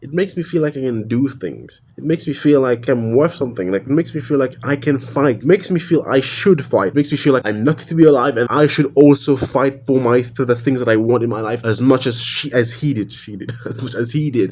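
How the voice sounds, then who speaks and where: A tired, distressed young man in his twenties vents to the camera in a rapid, tumbling rush. His voice sits at an ordinary middle pitch, and he stumbles, restarts and circles back over the same phrases, with frequent swearing. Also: darkish tone. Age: 20s. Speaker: vlogger. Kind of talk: emotional venting monologue to camera.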